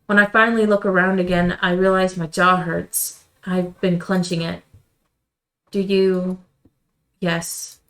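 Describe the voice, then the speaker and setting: A woman streamer reading a visual novel aloud in quiet, measured first-person narration. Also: lowish voice, flat delivery, rough recording. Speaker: let's-play streamer.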